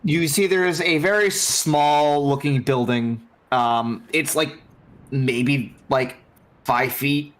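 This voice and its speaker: A man narrating a tabletop game as game master in a loose, halting way, with plenty of fillers. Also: a little high, fairly even intonation, a bit bright.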